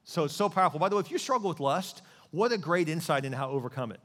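Animated joking preacher in a hall. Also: male voice, a little high, rapid-fire. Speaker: pastor. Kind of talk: sermon.

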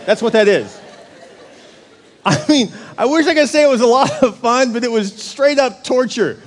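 A pastor preaching a sermon in a church, telling humorous stories and putting questions to the congregation in an animated way. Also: male voice, very high-pitched, a little fast. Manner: animated, humorous storytelling that asks the crowd questions. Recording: long reverb of a large hall.

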